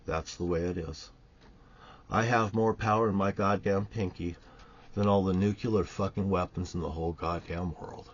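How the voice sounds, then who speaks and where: A man's voice: sits low, fairly even intonation, moderate pace, breathy edge. Profane, preachy man in a lo-fi recording. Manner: profane, preachy, swings loud and soft. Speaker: online ranter. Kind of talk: angry monologue. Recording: dull lo-fi recording.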